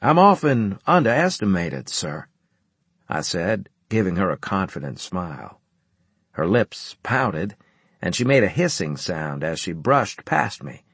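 A man reading a first-person audiobook narration in a measured, wry storytelling manner. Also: sits low, sing-song, creaky, fairly bright tone, slightly rough, no room sound.

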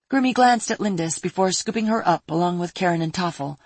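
A woman reads fantasy narration in a steady, even manner. Her voice is low with a husky grain, recorded close on a mic in a dry space. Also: brisk, few pauses, no room sound. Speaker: audiobook narrator.

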